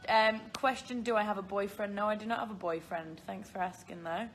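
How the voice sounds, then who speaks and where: A young British woman hosts a live stream from her phone, answering viewer questions in a casual, rambling way full of fillers and giggles. Her mid-range voice keeps a steady tone at a brisk pace, with faint music in the background.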